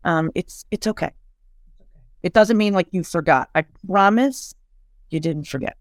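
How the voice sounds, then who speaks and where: A woman who is a clinical social worker, giving advice in a casual podcast chat, lively and full of restarts and acted-out asides. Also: on the low side, measured pace, no echo, studio quality. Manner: warm, animated, many restarts and acted asides.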